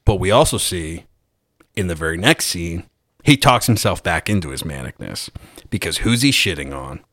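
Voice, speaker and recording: A man with a lowish voice talks through a film in loose, casual chat. He is animated and swears freely. The recording is dry and close, with no room sound. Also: moderate pace, dry recording. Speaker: podcast co-host.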